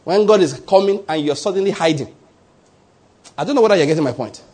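A Nigerian pastor preaches a sermon in a slightly rough, somewhat high voice, talking fast. He's lively and conversational, acting out little voices and often checking that the listener is following along.

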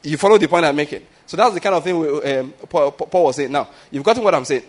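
Pastor preaching, conversational and probing. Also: male voice, fairly high pitch, fast talker. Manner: conversational preaching, frequent rhetorical questions and restarts. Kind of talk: sermon.

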